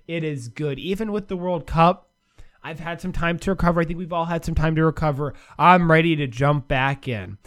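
A man's voice: on the high side, moderate pace, a bit bright. A man hosting a solo sports commentary show from the United States, ranting sarcastically with big swings in his voice.

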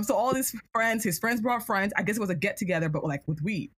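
A young woman co-hosting a casual chat, expressive, laughing often and acting out quotes. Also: mid-range voice, quick pace, slightly rough, no echo. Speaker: podcast co-host.

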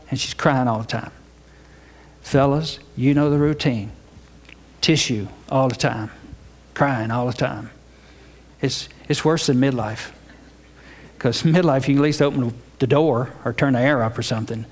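An older man preaching a sermon, reading scripture and telling stories with humorous asides. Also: a little high. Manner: folksy storytelling with humorous asides. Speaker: pastor.

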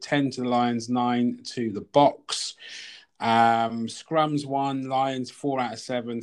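A man hosting a casual sports chat, steady when he reads out lists of numbers. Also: medium pitch. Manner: reads off statistics in a steady list. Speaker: podcast host.

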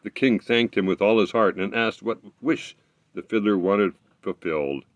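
A man reading a fairy tale aloud, expressive, with occasional slips he corrects as he goes. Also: fairly low pitch, normal speed, no room sound. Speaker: storyteller.

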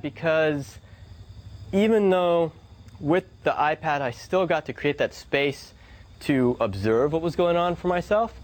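A man who is a guest, telling reflective stories in conversation and laughing often. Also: fairly high pitch. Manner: animated, laughing storyteller.

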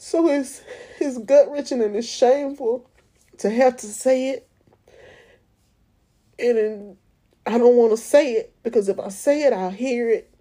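Slow, mellow-voiced woman giving testimony. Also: on the high side. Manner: earnest, emotional, with repetitions and pauses. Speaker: mother of an autistic son. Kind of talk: personal faith testimony.

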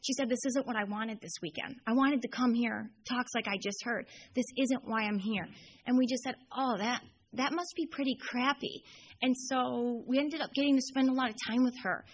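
A woman's voice: a little high, moderate pace, poor audio. A young woman telling a long personal story at a recovery meeting, chatty and full of fillers. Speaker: AA speaker. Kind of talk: storytelling talk.

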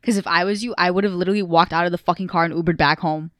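A woman's voice: lowish voice, steady tone, very fast, a bit bright. A woman podcast co-host chatting casually, blunt and joking, swearing freely. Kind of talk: casual chat.

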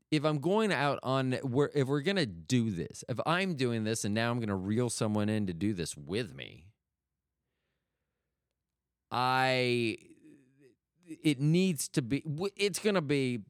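A man's voice: mid-range voice, clear, resonant tone, no echo, studio quality. A middle-aged man hosting a solo podcast, rambling and joking as he keeps cutting himself off. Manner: rambling, self-interrupting, jokey. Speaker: podcast host.

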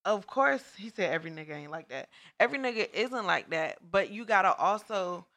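A woman's voice: medium pitch, expressive, brisk, fairly bright tone. A woman co-hosting a casual chat, talking frankly and reflectively about relationships. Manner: frank, reflective, laughs often. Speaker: podcast co-host.

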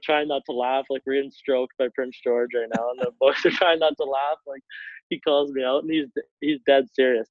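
A young man, a hockey player, telling a story in a rambling casual way, full of likes and quick laughs. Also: mid-range voice, no echo. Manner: rambling, many likes, laughs between phrases. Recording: tinny phone-like line, dry.

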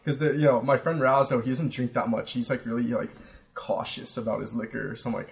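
A young man in his twenties tells a story on a podcast in loose, casual chat. He swears freely and trips over his own sentences, filling the gaps with "like" and "uh". His voice sits at an ordinary middle pitch. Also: fairly even intonation, fairly quick, creaky. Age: 20s. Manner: rambling, profane, many fillers and restarts. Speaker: podcast co-host.

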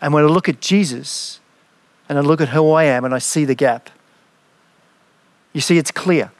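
A man's voice: a little high, moderate pace, dry recording. A man, a pastor, preaching a sermon in an earnest, reflective way and reading scripture dramatically.

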